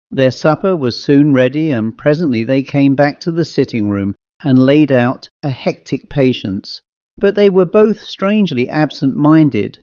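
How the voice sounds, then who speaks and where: A man narrating a ghost story in a measured storytelling manner. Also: mid-range voice, mellow, dry recording. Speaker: audiobook narrator. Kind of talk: scripted narration. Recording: dull lo-fi dry recording.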